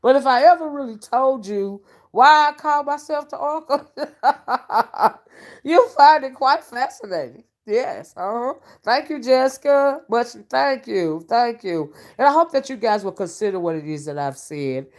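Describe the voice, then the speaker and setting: A woman's voice: high voice, lively intonation, measured pace. A woman hosting a casual livestream from her home, chatting folksily, calling listeners honey and child, and thanking viewers by name. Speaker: self-styled oracle and livestream host. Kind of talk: casual livestream chat, reading viewer comments. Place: at home while cooking dinner.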